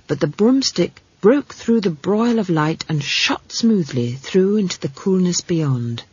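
Husky woman narrating a comic fantasy. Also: sits low, dry recording, lo-fi sound. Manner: wry, expressive storytelling with comic asides. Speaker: audiobook narrator. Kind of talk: scripted storybook narration.

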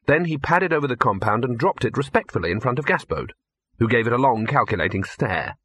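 A man's voice: mid-range voice, animated, fairly quick, a bit bright, slightly rough, dry recording. A man reading a comic fantasy story aloud in a dry, wry storytelling manner. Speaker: audiobook narrator. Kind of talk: scripted narration.

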